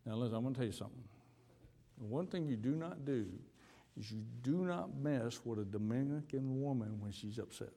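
A male pastor telling a story in a sermon, acting out both sides of a conversation with sudden leaps in pitch. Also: brisk, creaky. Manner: animated storyteller, acting out dialogue with big pitch jumps. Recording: hall reverb.

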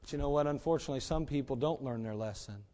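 A man's voice: mid-range voice, very fast, darkish tone. A middle-aged man, a pastor, preaching emphatically and telling a story. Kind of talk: sermon.

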